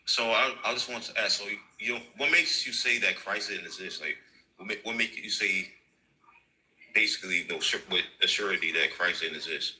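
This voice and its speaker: Male caller, low-pitched but very bright, hesitant, lots of ums. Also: fairly quick, poor audio. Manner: hesitant, questioning, many fillers. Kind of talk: casual live chat.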